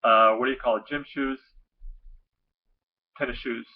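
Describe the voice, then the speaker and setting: A man with a central Illinois accent, reading through an accent tag list slowly, with many hesitant "uh" fillers. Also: mid-range voice, steady tone, narrow, tinny audio. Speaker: vlogger.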